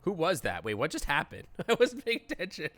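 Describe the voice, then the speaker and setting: A man's voice: on the high side, wildly swooping pitch, a little fast, a bit bright. Chatty laughing male game streamer. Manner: chatty, laughing often, reacting on the fly. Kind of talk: live gameplay commentary.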